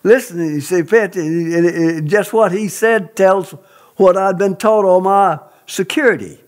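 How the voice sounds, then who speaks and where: A man's voice: sits high, moderate pace. A man telling a personal testimony in an interview, speaking in an earnest, emphatic, preacherly way.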